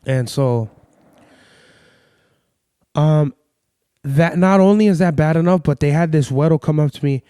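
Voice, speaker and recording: A man hosting a podcast, ranting in crude, sarcastic storytelling while sick and low on energy. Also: measured pace, pauses often, dark tone, clean tone, dry recording, clean studio sound. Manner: heated, crude, sarcastic, mimics people in quotes. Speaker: podcast host. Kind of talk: profane storytelling rant.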